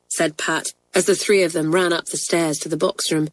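A woman narrating a children's storybook in a clear, even manner. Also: sits low, moderate pace, few pauses, dry recording. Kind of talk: storybook reading.

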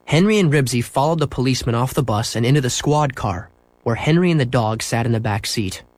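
Storyteller man for a kids' book, lively pitch, dry close sound. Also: a little fast, dry recording. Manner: expressive, playing out sound effects. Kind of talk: reading a children's book aloud.

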